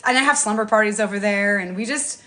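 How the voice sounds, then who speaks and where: A woman in her thirties chatting casually on a morning phone livestream from her apartment, rambling, animated and laughing often. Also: medium pitch, fast talker. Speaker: TikTok live streamer. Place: apartment above a garage.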